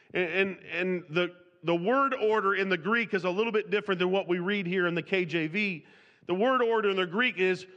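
A man with a high, slightly bright voice preaches an expository sermon, reading scripture aloud in King James wording and often restarting and repeating words as he speaks freely. The audio is dull, with long hall reverb.

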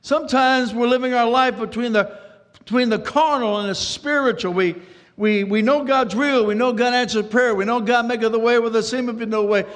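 A man delivers a sermon in a high, fervent voice, repeating himself and rushing then slowing. A long reverb trails every phrase in the hall. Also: a bit bright. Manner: dramatic preaching with repetitions and sudden pace changes. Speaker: pastor.

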